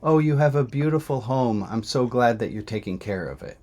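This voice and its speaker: A man's voice: medium pitch, animated, fairly quick, darkish tone, pitched above the performer's own voice, close to an everyday voice. A man putting on the voice of a kind delivery woman as he retells her words. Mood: admiring. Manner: kind, admiring. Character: gracious woman delivery driver, warm.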